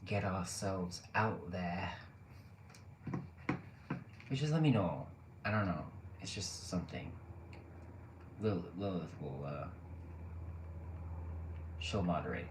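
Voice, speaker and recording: A man's voice: sits low, expressive, slow, long pauses. A man casually chatting with his live stream audience, joking, laughing often and rambling with fillers. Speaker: live streamer reading chat. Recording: roomy echo, faint background noise.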